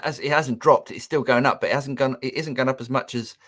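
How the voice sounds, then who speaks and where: A man's voice: medium pitch, a little fast, fairly bright tone. A man co-hosting a live music Q&A stream, upbeat and reading out viewer comments and questions. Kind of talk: casual live-stream chat.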